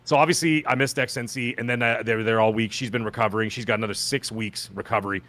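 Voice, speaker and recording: A man hosting a podcast, telling a long personal story in casual chat and acting out the people he quotes. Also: fast. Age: adult with children. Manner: animated, acts out quoted voices with pitch jumps. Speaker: podcast host.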